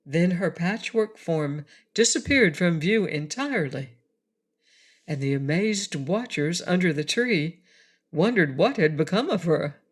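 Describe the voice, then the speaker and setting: A woman narrating a children's audiobook in a slow, even, clear reading voice. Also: on the low side. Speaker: audiobook reader.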